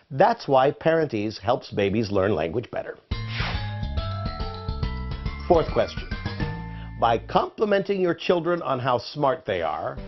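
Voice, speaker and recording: A man narrating an educational video in a playful quiz style. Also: mid-range voice. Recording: dull lo-fi audio with faint music.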